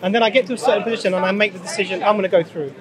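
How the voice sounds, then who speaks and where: Man, high voice, measured, street debate, crowd behind. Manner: measured, leads with examples. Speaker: Muslim preacher. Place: outdoors in a public urban space. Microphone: handheld microphone held out by a crew member.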